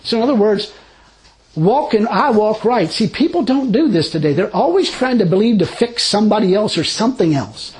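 Animated, laughing Christian man. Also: sits high, normal speed, rough recording. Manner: animated, laughing storyteller who acts out dialogue; rambling with frequent restarts. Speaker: married Christian man sharing his testimony. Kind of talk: Christian testimony talk.

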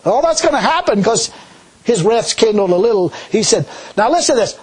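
A middle-aged man preaching a sermon in a folksy, animated way, laughing often. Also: high-pitched, brisk, breathy edge, rough recording.

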